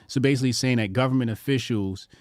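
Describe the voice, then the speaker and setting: A man's voice: medium pitch, quick pace, a little mellow, dry recording. Guy doing sarcastic news commentary, dry close sound. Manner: sarcastic, mocking asides. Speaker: host.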